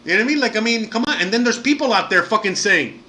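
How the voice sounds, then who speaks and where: A man's voice: sits high, expressive, fast talker, noisy background. Fired-up profane man ranting. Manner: heated, profane and outraged, with frequent fillers. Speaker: live-stream host. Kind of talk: casual ranting monologue to viewers.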